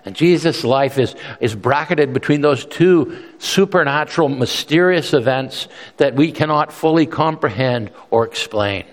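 A man's voice: medium pitch, a little slow. A male pastor preaching a sermon in an earnest, emphatic way, often repeating words as he restarts. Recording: long reverb from a large hall.

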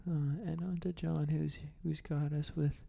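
A man co-hosting a casual podcast, talking haltingly with lots of pauses and restarts. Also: on the high side, flat delivery, gravelly, warm tone. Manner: halting, many fillers and restarts. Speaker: podcast co-host.

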